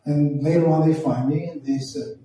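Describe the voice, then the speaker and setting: A man from Toronto telling a profane, animated stand-up story, acting out the voices in quotes. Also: on the high side, normal speed. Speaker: stand-up comedian. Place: small performance room. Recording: echoey room from far off.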